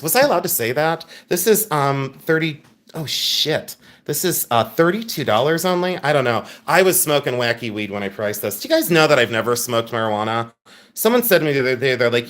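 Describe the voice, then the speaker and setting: A man's voice: medium pitch, expressive, a little fast, fairly bright tone. Chatty man hosting a live jewelry sale. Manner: chatty, joking, candid, swings from playful to earnest. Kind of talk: casual livestream selling chat. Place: coffeehouse.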